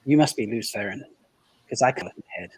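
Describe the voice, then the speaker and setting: A man's voice: medium pitch, lively intonation, brisk, breathy edge. A man hosting a casual online chat, reading silly pickup lines aloud and breaking into laughter between them. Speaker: podcast host.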